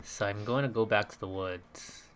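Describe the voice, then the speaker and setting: A man casually playing a video game with a friend, reading game text aloud in a relaxed, amused way. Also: lowish voice, normal speed, a little hiss or hum. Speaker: game streamer.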